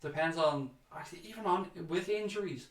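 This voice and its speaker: A man's voice: sits high, fairly quick, echoey room. A man hosting a casual fan chat livestream, reading out viewer comments and chatting back to them, calling people mate.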